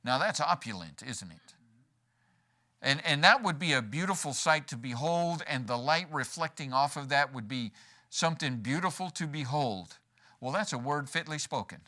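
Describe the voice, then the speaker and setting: A male pastor with a fairly high, bright, forceful voice preaches animatedly at a moderate pace in a church sanctuary. Folksy and joking, he dramatizes the lines he quotes.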